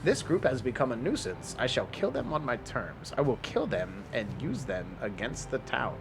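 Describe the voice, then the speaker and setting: A man's voice: mid-range voice, wildly swooping pitch, moderate pace, vocal fry, noisy background. A man reading aloud as a vengeful imprisoned elf from an old journal, in a rusty voice, during a tabletop game. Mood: grim.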